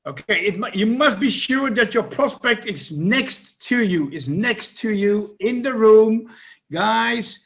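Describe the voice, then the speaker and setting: A man with a high voice co-hosts an online webinar. He gives brisk, practical instructions. He is heard through a video call mic. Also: lively intonation, gravelly, fairly bright tone. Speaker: webinar co-host.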